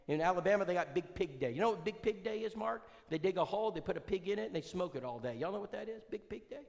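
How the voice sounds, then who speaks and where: Animated preacher in an echoing hall. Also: male voice, high voice, fast talker, creaky. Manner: animated, folksy, quizzes the audience, many restarts. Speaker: preacher leading an evangelism seminar. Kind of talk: conversational seminar talk with storytelling. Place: church hall. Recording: reverberant church hall.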